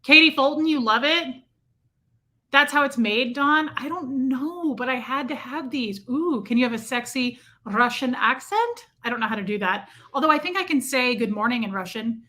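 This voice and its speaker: Bright-voiced woman chatting on a livestream. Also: fairly high pitch, animated, normal speed, hardly any pauses. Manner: chatty, rambling, reads and answers chat. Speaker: livestream host. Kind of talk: casual livestream chat.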